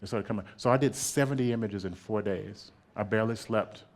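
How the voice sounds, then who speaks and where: A man giving a public artist talk in an animated way, laughing often and checking in with "right?". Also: lowish voice, fairly quick.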